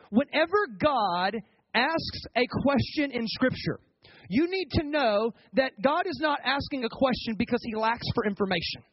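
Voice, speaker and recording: A man's voice: very high voice, breathy edge, dry recording, highs cut off. A man preaching as a pastor, conversational and colloquial, often restarting his words and asking the congregation for replies. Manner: asks the congregation for responses. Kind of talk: sermon.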